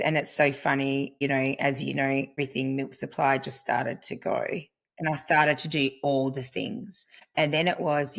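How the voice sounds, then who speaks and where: Middle-aged woman, deep voice for a woman, earnest, reflective interview talk. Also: vocal fry. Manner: earnest, storytelling, quotes herself. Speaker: podcast guest, family constellations practitioner.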